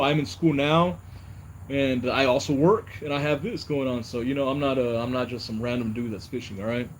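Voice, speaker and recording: A man's voice: medium pitch, slight background noise. A young man, host of a fishing channel, talking casually in a personal vlog, rambling and repeating "you know" as he talks.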